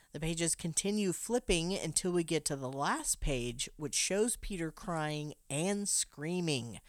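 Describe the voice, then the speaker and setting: A woman's voice: deep voice, no room sound, studio quality. A woman recapping a film plot for a podcast, telling the story with joking asides. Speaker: podcast co-host. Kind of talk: movie plot recap and casual chat.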